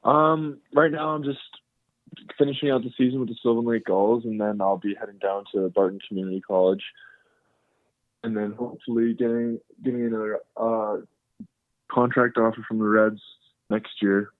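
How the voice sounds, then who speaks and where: Young male ballplayer, phone interview, low voice, dry and phone-thin sound. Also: steady tone, moderate pace, no echo. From Canada. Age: young adult. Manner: soft-spoken, repeats words as he searches. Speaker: drafted baseball player, guest. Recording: tinny phone line.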